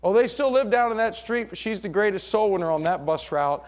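Pastor guy preaching, kinda high voice, goes from loud and fired up to quiet story mode. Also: lively intonation, brisk. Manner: preaching, swings from loud emphatic passages to hushed storytelling. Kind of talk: sermon with storytelling.

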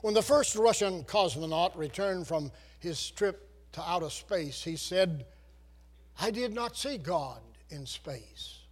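A preacher with a high-pitched voice delivers a sermon. He quotes scripture with dramatic, swelling emphasis. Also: lively intonation, slow, slightly rough.

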